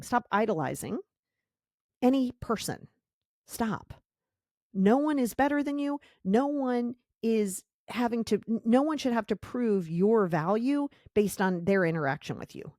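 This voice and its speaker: A woman's voice: mid-range voice, lively intonation, a little slow, a little mellow, no echo, clean studio sound. Blunt, emphatic woman podcast host. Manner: blunt, emphatic, repeats key phrases. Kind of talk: motivational monologue.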